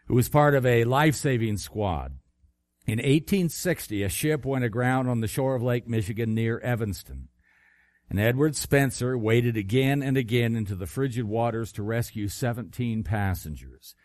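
A man preaches a sermon at a medium pitch. He talks in a conversational way, with occasional fillers and restarts. The sound is dry and close. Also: a little mellow, no room sound. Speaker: pastor.

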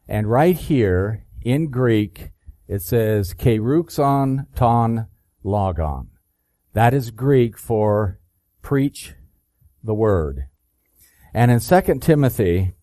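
A man delivering a sermon at an unhurried, measured pace. His voice is mellow and dark, and the sound is dry and close. He reads scripture deliberately, pressing hard on key phrases. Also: lowish voice, no room sound. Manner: slow, deliberate reading of scripture with emphatic rises. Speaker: preacher.

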